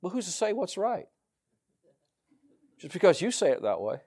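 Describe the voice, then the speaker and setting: A man with a Southern US accent preaches to his congregation in a loose, folksy way, full of asides and quick laughs. His voice sits a little high for a man and swings up and down with lively energy. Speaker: pastor. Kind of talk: sermon.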